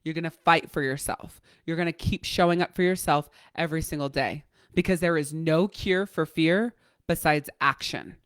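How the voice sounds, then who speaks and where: A woman life coach giving a motivational coaching talk, blunt and profane, driving points home with fast repetition. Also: deep voice, dry recording, studio quality.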